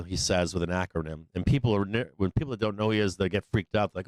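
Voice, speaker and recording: A man's voice: fast talker, darkish tone, dry recording. A man hosting a live stock trading show, giving casual, profane advice and joking around. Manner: profane, joking, acts out little scenes in higher voices. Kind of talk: casual rambling advice to viewers.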